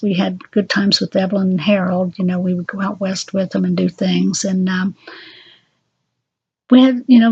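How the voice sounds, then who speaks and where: An older woman recounting family memories into a home recorder, speaking haltingly with frequent pauses and fillers. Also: medium pitch, slightly rough. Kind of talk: unscripted personal memoir. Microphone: handheld voice recorder. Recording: dull lo-fi home recorder audio.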